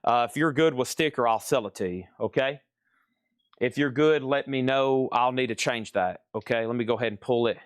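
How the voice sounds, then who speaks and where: A man running a live-stream record auction. He talks briskly, repeats prices and bidders' names, and makes folksy asides while he works in a record shop. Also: medium pitch, smooth, dry recording, clean studio sound. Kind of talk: live-stream sales patter. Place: record shop, moving between crates.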